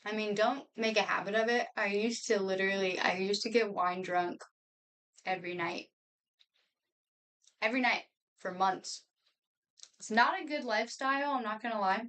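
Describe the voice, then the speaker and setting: A woman's voice: medium pitch, moderate pace, pauses often, fairly bright tone. Woman streamer, twenties, casual rambling chat, home room, slightly far from mic. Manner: rambling, chatty, laughs often, talks while eating.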